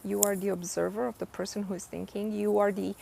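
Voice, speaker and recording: A woman's voice: medium pitch, little pitch movement, fast, creaky, warm tone, a little hiss or hum. A woman coaching on manifestation in a live-stream Q&A, reading viewer comments and answering earnestly, often checking in with "right?". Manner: earnest, emphatic, repeats points with "right?".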